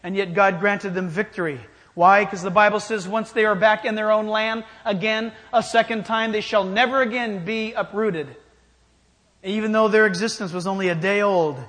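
A man's voice: high voice, fairly even intonation, moderate pace, a bit bright. A man preaching a sermon in an emphatic style, challenging his listeners directly. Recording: long hall reverb.

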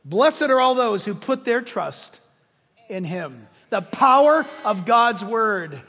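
A man preaching a sermon as pastor, impassioned and emphatic, often rising to shouts in front of his congregation. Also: high voice, big pitch swings, takes it slowly, husky. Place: church sanctuary with congregation. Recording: long hall reverb.

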